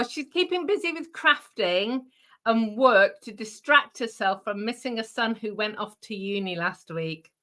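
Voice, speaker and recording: A woman's voice: on the high side, bright, forceful tone. Chatty woman hosting a craft show. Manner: chatty, laughing, with many ums and restarts. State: out of breath. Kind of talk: casual live chat with viewers.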